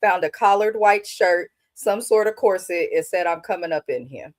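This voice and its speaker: A woman's voice: fairly low pitch, moderate pace, no room sound. A woman co-hosting a reality TV recap, giving blunt, critical opinions in casual chat. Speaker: recap co-host.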